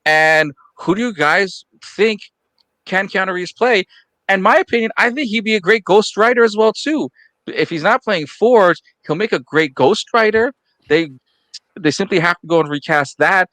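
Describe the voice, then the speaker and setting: A man's voice: high voice, moderate pace, a bit bright, no echo. A man hosting a casual pop culture panel podcast, steering the talk and handing turns to the other panelists. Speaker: podcast host.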